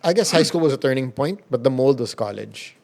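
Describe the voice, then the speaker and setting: A Filipino man with a lively, playful manner, talking as a guest in a casual podcast interview and mixing Tagalog with English. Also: medium pitch, brisk, vocal fry. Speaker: guest, radio DJ and host.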